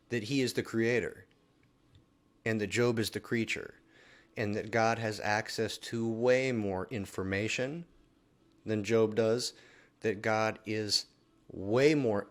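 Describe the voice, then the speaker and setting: Man chatting through scripture, low voice. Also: lively intonation, slow pace. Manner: conversational, often adds a questioning "right?". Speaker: Bible reading plan host. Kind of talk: casual scripture commentary.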